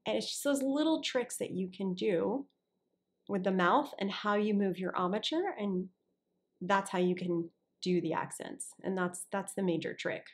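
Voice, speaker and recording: A woman's voice: medium pitch, unhurried. Chatty woman voiceover actor as guest. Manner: chatty, restarts sentences, checks in with "you understand?". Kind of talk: casual interview talk.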